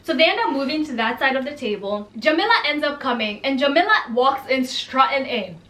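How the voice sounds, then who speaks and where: A young woman narrating a casual storytime, dramatic and full of slangy asides. Her voice is high and bright. It rings in an echoey room. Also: lively intonation, brisk, distant mic. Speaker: storyteller vlogger.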